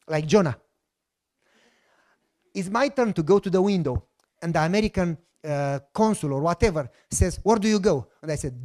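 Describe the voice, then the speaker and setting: Pastor guy, pretty high voice, tells his story big and plays out every back and forth. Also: expressive, moderate pace, pauses often, a little mellow. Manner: dramatic storytelling, acts out both sides of dialogues. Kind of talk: sermon storytelling.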